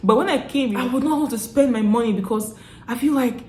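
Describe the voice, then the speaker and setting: A young woman from Nigeria with a Nigerian accent, telling stories to camera in a chatty, animated way, often laughing and restarting her sentences. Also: fairly high pitch, brisk, reverberant, a little hiss or hum. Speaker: vlogger. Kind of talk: casual storytelling to camera.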